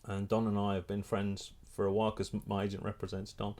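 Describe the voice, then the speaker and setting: A middle-aged man, a photographer and filmmaker, telling a lively anecdote in a casual interview, restarting his sentences often. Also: lowish voice, quick pace. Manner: animated storyteller, many restarts.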